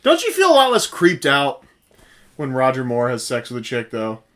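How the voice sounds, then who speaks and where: A man's voice: medium pitch, huge pitch swings, moderate pace, a bit bright. A man co-hosting a casual movie review podcast, retelling scenes and acting out quotes between laughs. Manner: storytelling, acts out quotes, laughs. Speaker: podcast co-host.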